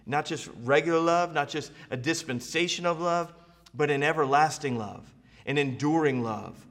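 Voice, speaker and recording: A man's voice: a little high, moderate pace, fairly bright tone, soft background music. A man preaching a sermon as pastor, building momentum with rhetorical questions and repetition. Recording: long reverb of a large hall.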